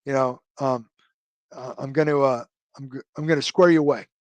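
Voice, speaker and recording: A man retelling the words of a brisk male army commander, in a commanding tone. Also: medium pitch, fairly even intonation, a little mellow, dry recording, close to an everyday voice. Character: blunt male army commander giving orders.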